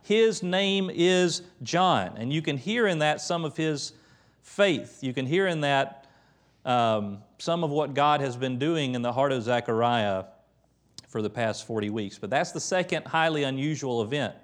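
A man preaching a conversational, emphatic sermon in a church, retelling scripture with lively quoted voices. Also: mid-range voice, normal speed. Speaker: pastor.

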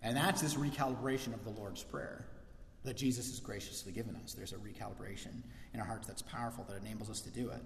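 A man preaching a sermon as pastor, lively and acting out the voices he quotes. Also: lowish voice, fast, gravelly. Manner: animated, acts out quoted voices. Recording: echoey church hall.

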